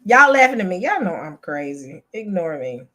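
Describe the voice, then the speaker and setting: A woman's voice: on the low side, big pitch swings, moderate pace, fairly bright tone. A woman, hosting a casual chat for her viewers, exasperated and chatty, calling them y'all. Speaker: channel host.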